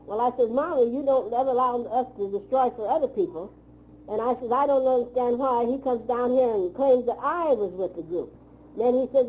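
A woman's voice: on the high side, a little fast, mellow, a little hiss or hum, poor audio. An older woman recounting childhood memories in a plain-spoken, rambling way, often repeating "I said.". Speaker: oral history narrator.

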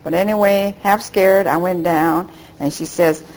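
Older soft-spoken woman telling memories. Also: fairly low pitch, steady tone, a little slow, a little hiss or hum, rough recording. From United States. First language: Japanese. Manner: rambling storytelling, acting out remembered dialogue. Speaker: interviewee. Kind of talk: oral history recollection.

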